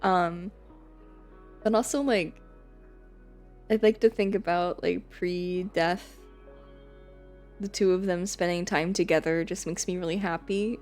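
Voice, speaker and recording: A woman streamer chatting casually on a live stream, rambling, laughing often and swearing casually. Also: mid-range voice.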